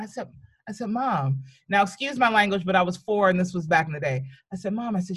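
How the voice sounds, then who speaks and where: A woman's voice: medium pitch, brisk, breathy edge. A woman telling a childhood story in casual chat, acting out the voices of the people in it. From United States. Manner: animated storyteller, acts out quoted voices, laughs often.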